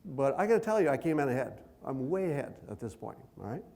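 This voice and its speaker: A man giving a conference keynote speech, conversational with dry self-deprecating humor, deliberately speaking at a raised pitch. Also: big pitch swings, vocal fry, a little mellow. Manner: loose, unhurried delivery with many fillers and asides.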